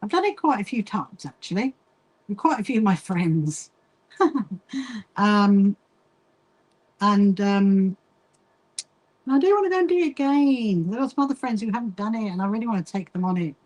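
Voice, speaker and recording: A woman from the UK hosting a casual sewing livestream, chatting while she stitches, reading viewer comments aloud and often pausing with little asides. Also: mid-range voice, expressive, a little mellow. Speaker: livestream host.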